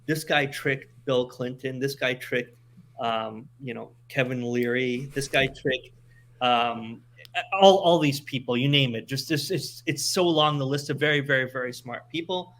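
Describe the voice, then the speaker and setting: A man's voice: mid-range voice, unhurried. A man from Montreal chatting casually on a podcast, telling stories with lots of restarts and repeated words. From Montreal, Canada. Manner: animated storytelling with many restarts.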